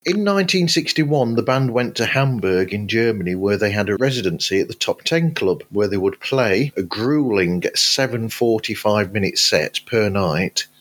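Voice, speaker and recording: A man's voice: fairly low pitch, expressive, moderate pace, hardly any pauses, a bit bright. A man, co-hosting a podcast, explaining band history with chatty asides. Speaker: podcast co-host. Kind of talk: casual chat.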